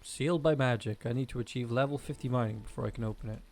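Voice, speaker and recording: A male streamer giving rambling, animated commentary while he plays a video game. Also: mid-range voice, fast, gravelly. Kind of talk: casual gameplay commentary.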